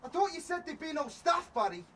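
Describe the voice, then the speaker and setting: A jittery crook in a movie, high and frantic. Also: male voice, sing-song, fairly quick, background noise. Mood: panicked. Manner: agitated, shouting. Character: jittery young male crook, panicky and shouty. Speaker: crook in a heist.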